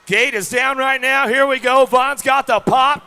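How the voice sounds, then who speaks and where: A man's voice: very high-pitched, fairly even intonation, unhurried, vocal fry, bright, forceful tone, smooth. A man calling a BMX race live, hyped, reading out riders by bike number. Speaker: race announcer. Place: outdoor BMX track.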